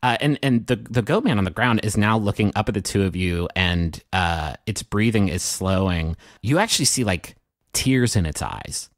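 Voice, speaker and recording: Low-pitched man running a tabletop game, hesitant narration, dry close sound. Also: lively intonation, moderate pace, dry recording. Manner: rambling, full of fillers and restarts. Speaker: game master.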